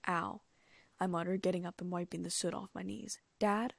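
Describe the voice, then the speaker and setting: A woman narrating a first-person fan fiction audiobook in a lively, amused way, close to the mic. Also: fairly low pitch, quick pace, vocal fry, slightly rough, no echo.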